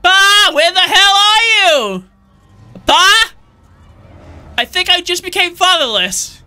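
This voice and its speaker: A man voicing a frantic teenage boy who keeps yelling for his missing father, whiny and melodramatic. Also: extremely high pitch, lively intonation, moderate pace, heavily acted.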